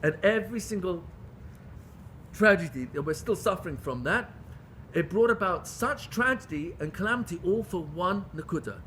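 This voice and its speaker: A man teaching a Torah class with a high, bright voice and a faint hum behind him. He talks fervently and questions his listeners. He moves between loud pleas and hushed, intimate asides. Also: animated, moderate pace. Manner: questions the audience. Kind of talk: Torah lecture to a live group.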